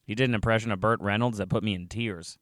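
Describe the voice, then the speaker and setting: A man's voice: on the low side, steady tone, fast talker, a bit bright, no echo. A man narrating a first-person story in a wry, conversational way, with dry little asides.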